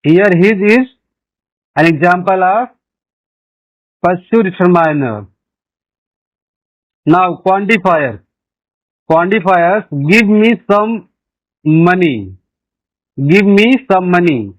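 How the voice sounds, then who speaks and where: Slow high-voiced man teaching grammar. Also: expressive, muffled recording. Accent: Indian English. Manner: slow, repeats each example twice. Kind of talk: grammar lesson.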